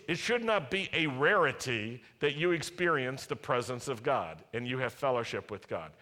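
A man's voice: fairly high pitch, a bit bright. A man preaching a sermon as a pastor, earnest and emphatic, repeating key phrases. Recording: reverberant hall.

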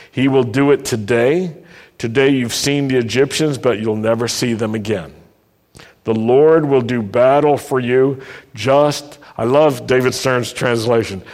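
A man preaches at an unhurried pace, leaning hard on each point and pausing for listeners to repeat after him. His voice sits at an ordinary middle pitch. It rings with the long reverb of a large hall. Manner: emphatic preaching, asks the congregation to repeat lines. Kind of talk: sermon.

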